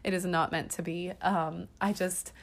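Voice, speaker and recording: A woman's voice: fairly low pitch, fairly even intonation, normal speed, vocal fry. A woman in her thirties hosting a casual podcast, talking chattily with lots of ums and restarts. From half Irish. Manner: chatty, rambling, frequent ums. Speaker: podcast host. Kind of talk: casual chat.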